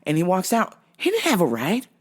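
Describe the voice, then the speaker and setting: Lively profane woman telling stories. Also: fairly low pitch, a little fast, breathy edge. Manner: animated, profane, laughs often. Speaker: vlogger. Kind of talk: casual storytelling monologue.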